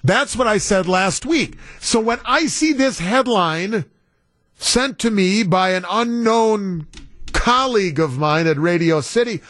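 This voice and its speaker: A man's voice: high-pitched, fairly bright tone, dry recording, clean studio sound. A man guest-hosting a talk radio show, telling a story in a wry, incredulous way. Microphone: studio broadcast mic.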